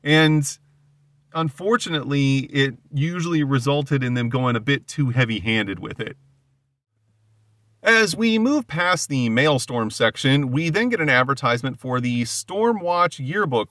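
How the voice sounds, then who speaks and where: Bright, animated male comic commentator. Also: a little high, dry recording. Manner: animated, exasperated asides, frequent fillers. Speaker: comic book commentary host. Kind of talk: casual solo commentary.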